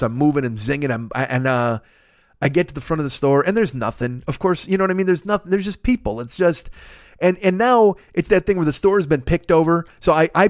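Animated storytelling man, dry close sound. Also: fairly high pitch, no echo. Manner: animated, profane, acts out quoted dialogue. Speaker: podcast host. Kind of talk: comic storytelling.

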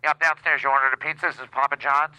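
A man's voice: mid-range voice, level tone, rapid-fire, pushed and bright, clear, resonant tone, dry recording, low-quality recording. A man voicing a gushing pizza delivery guy over a door speaker, with a voice effect, nose held shut for a nasal sound. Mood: eager. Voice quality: nasal from holding his nose. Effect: voice effect, pinched nasal sound.

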